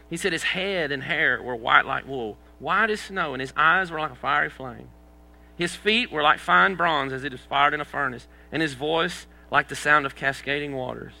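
A man preaching to a church congregation, his slightly raised voice grainy with fry. His tone is very bright and forceful. He keeps it conversational, tossing questions to the room and joking about his own failings. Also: fairly high pitch, rough recording. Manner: conversational preaching, asks the congregation questions, self-deprecating humor. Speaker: pastor. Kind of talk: sermon.

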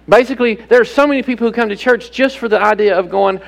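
A man's voice: high-pitched, fast talker, creaky, few pauses, poor audio. A man preaching a sermon, emphatic and direct, asking the congregation rhetorical questions. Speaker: pastor.

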